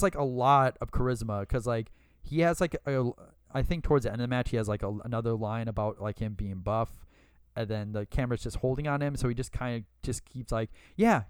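A man co-hosts a podcast, rambling through his thoughts with plenty of fillers and quick laughs. His voice is smooth and clear at a middle pitch. The sound is dry and close, with no room echo. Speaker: podcast co-host. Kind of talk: casual chat.

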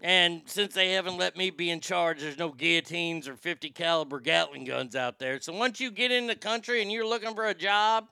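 A man's voice: high-pitched, fairly even intonation, brisk, gravelly, hardly any pauses, pushed and bright, clean tone, no room sound. A man hosting a comedy show, delivering a crude, rambling monologue. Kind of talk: stand-up style comic monologue.

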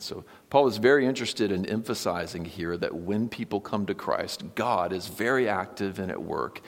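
A man's voice: low voice, vocal fry, in a large hall. A man giving a conversational sermon as pastor, often checking in with the congregation. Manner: conversational, asks listeners for agreement. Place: church sanctuary.

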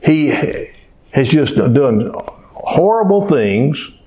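Slow, folksy male preacher. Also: on the high side, very animated, mellow, slight background noise. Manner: folksy storytelling with rhetorical questions. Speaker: pastor. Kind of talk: sermon.

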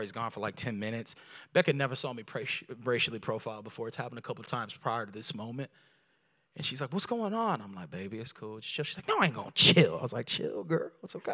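A man preaching a sermon as a guest pastor, telling a personal story with lively voices and building to loud, fervent preaching. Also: on the low side, fast. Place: church sanctuary.

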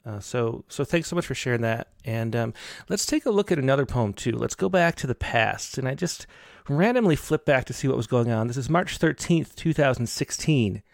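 A man hosting a poetry show, introducing poems in a relaxed, halting way with many fillers. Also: medium pitch, gravelly, dry recording, clean studio sound. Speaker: podcast host.

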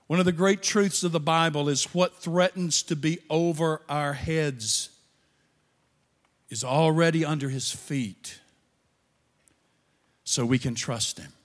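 A man preaching a sermon as pastor, animated, with quiet asides. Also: a little high, takes it slowly, pauses often. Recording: long reverb of a large hall.

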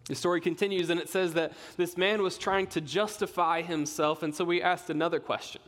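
A man's voice: high voice, fairly even intonation, brisk, a bit bright. A young man, a pastoral resident, preaching a sermon with conversational storytelling and self-deprecating humor. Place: church sanctuary. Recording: long reverb of a church hall.

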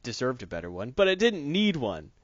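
A man's voice: mid-range voice, wildly swooping pitch, a little fast, dry recording, highs cut off. A man co-hosting a casual podcast, joking and laughing often as he riffs on comics and movies. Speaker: podcast co-host.

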